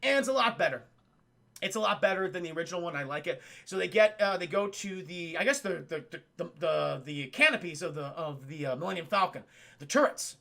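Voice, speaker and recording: A man streaming live, recapping a film to his chat in a casual, profane, animated way. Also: high voice, a little fast, vocal fry. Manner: profane, animated, laughs often.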